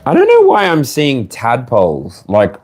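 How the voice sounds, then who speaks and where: A man's voice: medium pitch, huge pitch swings, a little slow, a little mellow. A man with an Australian accent giving a live collective tarot reading, rambling and playful, drifting into humming and laughter. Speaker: tarot reader.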